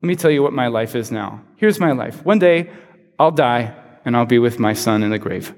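A man voicing a grieving old father who refuses comfort, in a low, weary, dismissive way. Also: animated, moderate pace, a little mellow, natural voice. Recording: long reverb in a large hall.

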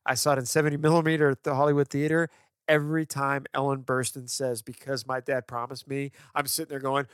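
A man co-hosting a podcast, chatting about movies with enthusiastic, animated storytelling. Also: mid-range voice, moderate pace, smooth, no echo, clean studio sound. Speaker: podcast co-host. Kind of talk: casual film discussion.

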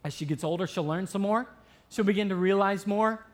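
A man's voice: high voice, a little fast. A young man, a pastor and new father, giving an earnest sermon with personal stories that build to emphatic points.

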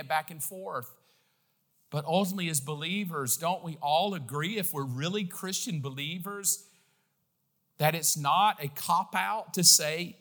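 A middle-aged man preaching a sermon as pastor, impassioned, moving from quiet asides to bold emphatic peaks. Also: high-pitched.

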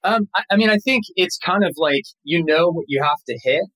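A man talking casually as an actor guest in an interview, rambling and relaxed with many fillers and restarts. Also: a little high, brisk, no room sound, poor audio.

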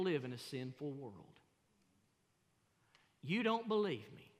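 A middle-aged man, preaching a sermon as pastor in a folksy, animated, self-mocking storytelling way. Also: fairly high pitch, slow pace, long pauses. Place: large church sanctuary. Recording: long hall reverb in a church.

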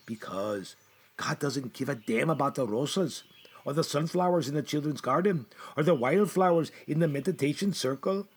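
A man's voice: a little high, animated, normal speed, husky. A man performing a comedic gardener, who mutters to himself anxiously and talks fondly to his plants. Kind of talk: comedy sketch monologue.

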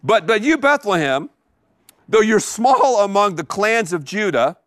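A middle-aged man preaching in a high, lively voice that swings up and down, with slow deliberate pacing. He repeats key words for emphasis. The sound is dry and close. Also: no room sound. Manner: animated preaching with emphatic repetition. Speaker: pastor. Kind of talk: sermon. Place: live before a congregation.

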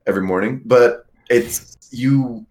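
A man in casual chat about a film, animated and laughing as he talks. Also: medium pitch, measured pace.

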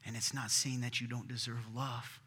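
Bright-voiced male pastor in an echoing hall. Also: medium pitch, little pitch movement, normal speed, breathy edge. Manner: earnest, conversational preaching that swings from loud to hushed. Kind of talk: sermon. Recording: long reverb of a large hall.

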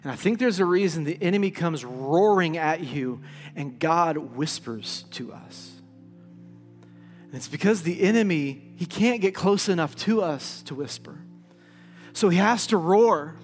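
A male pastor with a notably high voice preaches in a church hall, and his words ring on in the long reverb while faint music plays beneath. He tells stories with lively energy, then drops to a hush when he drives a point home. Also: a little slow. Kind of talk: sermon.

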